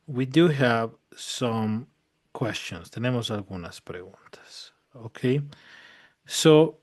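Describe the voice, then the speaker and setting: A man's voice: a little high, no echo. Bilingual male English teacher, dry sound. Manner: mixes English with Spanish translations, checks understanding often. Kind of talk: bilingual classroom lesson.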